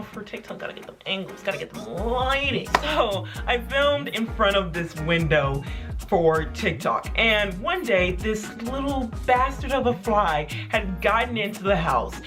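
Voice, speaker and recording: A young adult vlogger telling childhood stories in casual, animated chat, full of "like". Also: medium pitch, moderate pace, music in the background. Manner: animated, filler-heavy with frequent "like". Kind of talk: casual storytelling to camera.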